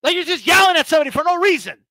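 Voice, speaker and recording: A man's voice: extremely high pitch, sing-song, very fast, sharp tone, no room sound. A man hosting a boxing channel, ranting heatedly with lots of swearing and stammered restarts. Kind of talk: profane casual rant.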